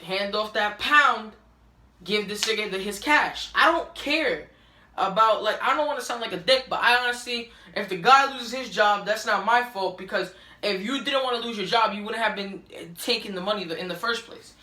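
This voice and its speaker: A woman's voice: medium pitch, moderate pace, reverberant. A woman ranting to camera in a frustrated, profane way, filmed on a phone on a selfie stick. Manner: profane, frustrated, rising to shouting. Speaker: vlogger. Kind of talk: angry rant to camera.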